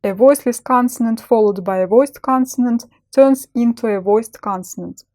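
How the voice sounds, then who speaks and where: A woman teaching a language lesson, pronouncing each example slowly and distinctly as a model for learners. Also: fairly high pitch, dark tone. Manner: slow, clearly enunciated model pronunciation.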